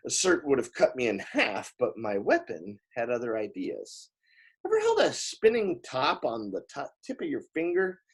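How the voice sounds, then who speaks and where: A man reading a novel aloud in expressive first-person narration, with small slips along the way. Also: mid-range voice, normal speed, husky. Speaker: audiobook reader.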